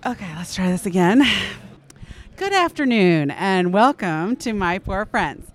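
A woman's voice: mid-range voice, very animated, unhurried, soft background music. A bubbly woman hosting a loose, joking podcast with friends. She laughs easily and talks at an easy conversational clip. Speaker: podcast host. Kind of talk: casual chat.

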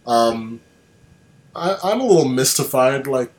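A man's voice: mid-range voice, expressive, measured pace, roomy sound. A man hosting a casual online chat, rambling with restarts and sardonic asides. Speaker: podcast host. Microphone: online call.

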